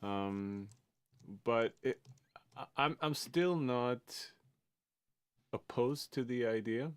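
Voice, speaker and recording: A man's voice: mid-range voice, expressive, takes it slowly, clean tone, no echo. A man from Sweden, a music producer talking casually on a livestream, hesitant and full of fillers and restarts.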